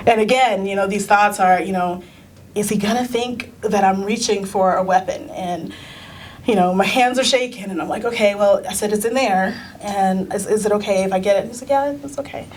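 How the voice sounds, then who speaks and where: A middle-aged American woman, a teacher and union leader, recounting a personal experience in a halting, earnest way with many fillers and restarts. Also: mid-range voice, a little hiss or hum. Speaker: union council president, teacher. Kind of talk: personal storytelling in a recorded conversation.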